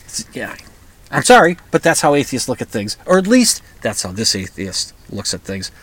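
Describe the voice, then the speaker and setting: Rambling, halting man from the upper Midwest. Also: medium pitch, big pitch swings, a bit bright. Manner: rambling, halting, many restarts. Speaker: podcast host. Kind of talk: casual monologue.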